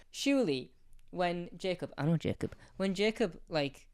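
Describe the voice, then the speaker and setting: A man's voice: high-pitched, very animated, slow pace, darkish tone, clear, resonant tone. A man co-hosting a podcast in a casual chat, rambling and swearing as he laughs his way through stories. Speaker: podcast co-host.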